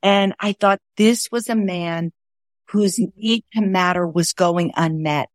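A woman's voice: on the low side, takes it slowly, no echo, studio quality. A woman, a guest author telling stories earnestly and acting out what people said. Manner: earnest, acts out quoted dialogue. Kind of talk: conversational storytelling.

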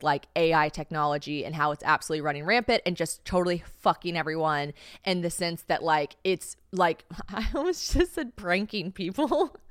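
A woman's voice: on the low side, smooth, no echo, clean studio sound. A young adult woman hosting a podcast, telling a story in a chatty, profane, self-mocking way and acting out the voices she quotes. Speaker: podcast host. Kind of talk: casual storytelling chat. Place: Tennessee.

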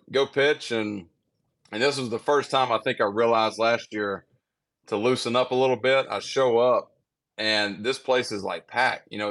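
Man, young adult, casual podcast guest, rambling, filler-heavy, fairly low pitch. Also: fairly bright tone. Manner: rambling storyteller with many fillers.

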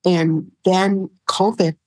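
A middle-aged woman telling her personal story in an interview, soft-spoken and halting, with many fillers. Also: fairly low pitch, steady tone, no echo, rough recording. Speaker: guest, survivor sharing her story.

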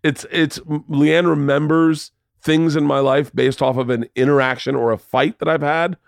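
A man's voice: fairly high pitch, fairly even intonation, moderate pace, vocal fry, no echo, clean studio sound. A man hosting a podcast, telling long rambling stories in casual chat and swearing freely. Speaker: podcast host.

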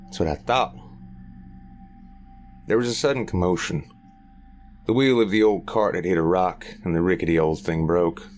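A man narrating a horror story in a measured, grave manner. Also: sits low, fairly even intonation, a little mellow, faint music behind.

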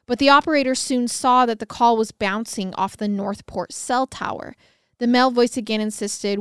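A woman's voice: a little high, normal speed, clean tone, dry recording, studio quality. A woman co-hosting a podcast, narrating a true-crime case in a conversational way with wry asides. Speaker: podcast co-host.

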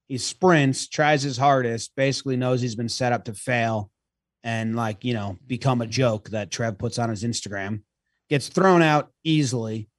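A man co-hosting a casual sports podcast, telling stories with swearing and lively put-on quotes. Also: medium pitch, moderate pace, no echo, studio quality. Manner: profane animated storyteller. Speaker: podcast co-host.

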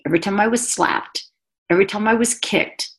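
An adult woman guest, a mother, gives an earnest and emotional personal testimony about her life in conversation. Her voice is medium-pitched and fairly quick.

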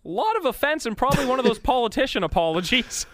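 Male radio co-host, high and very animated voice, dry close mic. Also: quick pace, dry recording. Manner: chatty, laughing asides. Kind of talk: casual talk radio banter.

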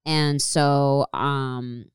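Young woman podcast host, low smooth voice, chatty and candid, fillers everywhere. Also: fairly even intonation, extremely slow, no room sound, studio quality. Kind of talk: casual chat.

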